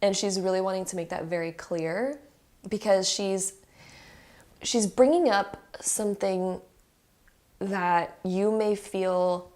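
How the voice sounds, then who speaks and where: A woman's voice: mid-range voice, takes it slowly, darkish tone. A woman giving an intuitive tarot card reading straight to her viewers, earnest and emotional, talking in a chatty way full of "like" fillers.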